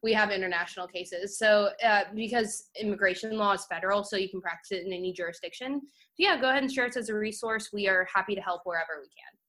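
A woman's voice: medium pitch, fast talker, pushed and bright. A woman guest from an immigration law firm, speaking in a friendly way in a casual interview.

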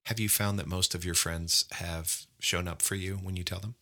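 Very deep-voiced bright male podcast host. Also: fairly even intonation, normal speed. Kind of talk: casual interview chat.

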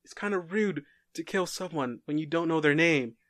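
A man's voice: a little high, moderate pace, fairly bright tone, dry recording, clean studio sound, pitched above the performer's own voice, lightly acted. A man playing a smug masked warrior. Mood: mock-polite. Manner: breezy, mock-polite. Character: cocky masked male warrior being, smug and casual.

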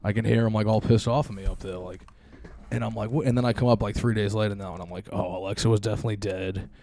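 A young man with a low, gravelly voice co-hosts a casual podcast. His tone is dark and mellow, and he rambles through stories with plenty of swearing. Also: steady tone, quick pace, a little hiss or hum. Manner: rambling, profane storytelling. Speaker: podcast co-host.

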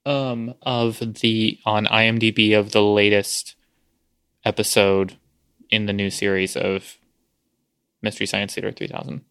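Low-voiced man, wry matter-of-fact chat. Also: little pitch movement, unhurried, long pauses, a bit bright, smooth, no echo. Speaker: podcast co-host. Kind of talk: casual chat.

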